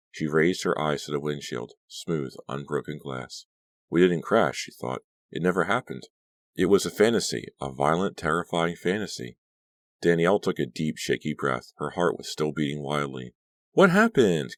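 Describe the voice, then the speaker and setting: A man narrating a suspense audiobook with measured, dramatic storytelling. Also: a bass voice, no room sound. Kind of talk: scripted narration.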